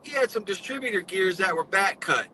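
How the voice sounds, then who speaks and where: A man's voice: high voice, lively intonation, fairly quick, bright, forceful tone, a little hiss or hum, low-quality recording. A man earnestly telling his story in casual live-stream chat, with folksy speech.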